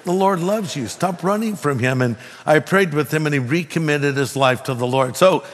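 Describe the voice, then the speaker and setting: A man preaching to a congregation in a fairly high voice that carries a long hall echo. He tells stories with animated swings in pitch and acts out the other person's lines. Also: moderate pace, a little hiss or hum. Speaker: pastor. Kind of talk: sermon with storytelling.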